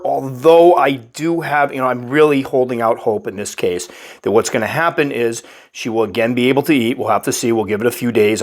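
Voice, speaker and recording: A man with a slightly stuffy voice, calmly narrating a casual update about caring for his pet tarantula. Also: on the low side. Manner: calm, explanatory, patient. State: stuffy, recovering from illness. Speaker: tarantula keeper and channel host.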